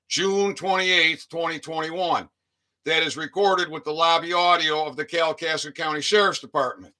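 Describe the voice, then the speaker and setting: Man, slightly high and sharp-toned, reading formal claims aloud. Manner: reads formal statements with muttered asides. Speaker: citizen activist. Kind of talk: reading a legal document aloud.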